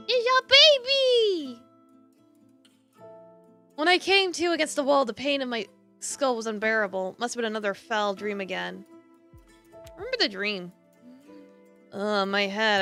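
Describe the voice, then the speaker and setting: Woman, streamer, horror game read-aloud, theatrical, hushed to emphatic, bright voice, faint music behind. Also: mid-range voice. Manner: theatrical, swinging between hushed and emphatic lines. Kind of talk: reading a horror visual novel aloud on stream.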